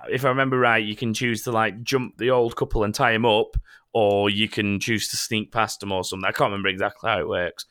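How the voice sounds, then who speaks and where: A man's voice: lowish voice, little pitch movement, fast, fairly bright tone, clean tone. A man hosting a casual gaming podcast, rambling and joking, swearing now and then. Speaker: podcast host.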